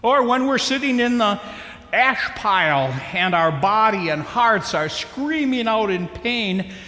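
Slow, lively-pitched male preacher. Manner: slow, emphatic preaching with dramatic pauses. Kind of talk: sermon. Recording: echoey hall with long reverb.

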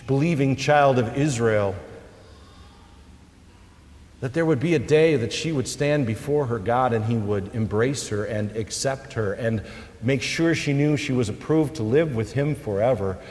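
A male pastor preaching a sermon, swelling loud at high points and dropping soft and low for emphasis. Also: unhurried. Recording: long reverb of a large hall.

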